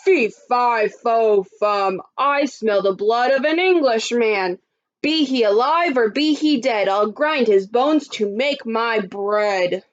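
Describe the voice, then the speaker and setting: A woman voicing a huge wicked male giant who bellows his lines slowly, drawn out like a chant. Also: on the high side, animated, highs cut off, full character voice. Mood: bellowing.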